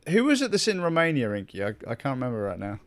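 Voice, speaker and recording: A man's voice: medium pitch, wildly swooping pitch, quick pace. A young man chatting casually with his stream viewers, rambling, swearing a lot and laughing often. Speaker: gaming streamer.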